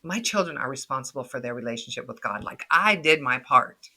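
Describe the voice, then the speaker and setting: Middle-aged woman guest, breathy and bright, animated delivery with frequent laughs. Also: rumbling low, a little fast. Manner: laughs often, animated quoted voices. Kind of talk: casual podcast conversation.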